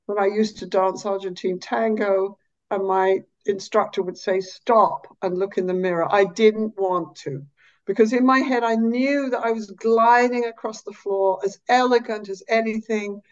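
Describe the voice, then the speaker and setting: Animated woman therapist, slightly dull sound. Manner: animated, drops to a slow soft low voice to demonstrate therapy. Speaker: psychologist and therapist, podcast guest. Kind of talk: explanatory interview talk.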